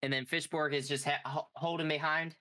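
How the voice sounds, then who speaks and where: A man's voice: on the high side, flat delivery, brisk, bright, forceful tone. A man as game master, narrating a tabletop game in an easygoing, hesitant way with many fillers.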